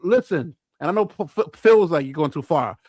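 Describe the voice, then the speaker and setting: A man's voice: on the high side, expressive, fairly quick, a little mellow, dry recording. A man co-hosting a casual show, telling stories and acting out what people said in changing voices. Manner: acts out quotes in different voices, laughs a lot. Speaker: podcast co-host. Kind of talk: animated storytelling chat.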